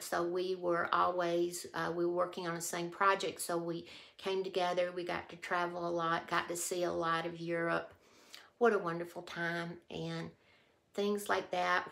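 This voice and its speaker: A woman's voice: fairly low pitch, vocal fry, fairly bright tone. A woman vlogger chatting casually to camera, heartfelt and emotional, often trailing off mid-thought. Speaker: haul vlogger.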